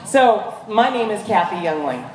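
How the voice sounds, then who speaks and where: A woman in her fifties giving an energetic, rallying speech as guest speaker at a charity walk, calling out to the crowd. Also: medium pitch, normal speed. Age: 50s. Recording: echoey PA from far off, crowd noise.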